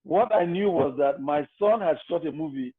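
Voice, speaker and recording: Older man, guest, calm storyteller, slightly high voice, tinny phone-like sound. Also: normal speed, husky. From Nigeria. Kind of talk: interview storytelling.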